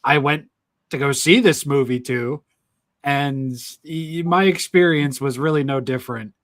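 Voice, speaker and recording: A man's voice: medium pitch, a bit bright, no room sound. Frustrated man who swears and stammers. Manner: halting, profane, frustrated. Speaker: podcast co-host. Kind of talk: casual chat.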